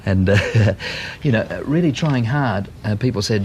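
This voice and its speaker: An Australian man, a guest entertainer, chatting jokily in a relaxed interview. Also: lowish voice, moderate pace, background noise.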